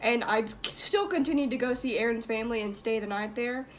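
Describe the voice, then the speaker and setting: A woman's voice: a little high, a little fast, a little hiss or hum. A young woman hosting a vlog, casually telling a spooky story with lots of "like" fillers and giggles. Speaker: vlog host.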